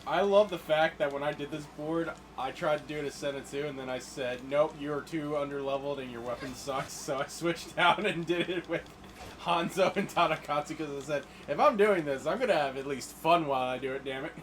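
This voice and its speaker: A man's voice: on the high side, a little fast, a little hiss or hum, rough recording. Chatty young man talking over a game. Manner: chatty, animated storytelling, acts out lines. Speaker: gaming co-host. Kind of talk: casual let's-play chat.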